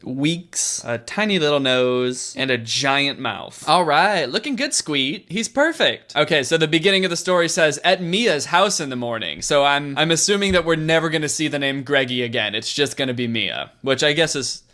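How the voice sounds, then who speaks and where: A man's voice: on the high side, moderate pace, hardly any pauses, bright, forceful tone. A man, a YouTuber, giving rambling, sarcastic comedic commentary on a game and laughing often.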